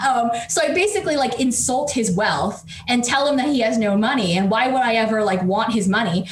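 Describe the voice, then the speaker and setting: A woman professor telling a story as a podcast guest, animated and quick, with many fillers. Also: on the high side. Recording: roomy echo with faint noise.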